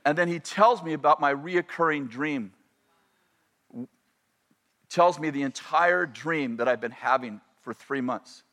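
Animated man telling a story, slightly high voice. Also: a little slow, pauses often. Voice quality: animated, self-interrupting, repeats and restarts phrases. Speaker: speaker telling a personal story. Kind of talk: storytelling sermon anecdote.

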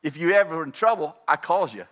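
A blunt, gruff old preacher, as a storyteller puts him on clips his words and drops his grammar. He repeats himself flatly and insistently, sitting a touch above an average man's pitch, with no warmth or politeness in it. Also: fairly quick. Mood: matter-of-fact. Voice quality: clipped broken grammar, flat insistent delivery.

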